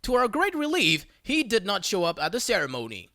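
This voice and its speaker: Synthetic story narrator, bright tone, lively pitch, dry close sound. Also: brisk, dry recording. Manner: synthetic, reads abbreviations letter by letter. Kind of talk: reading online stories aloud.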